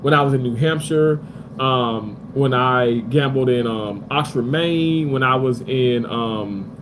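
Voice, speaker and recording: A man's voice: mid-range voice, a little slow, background noise. A man on a live stream from a hotel room, talking loosely with his viewers and reading their comments aloud, full of fillers. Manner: loose, rambling, many fillers.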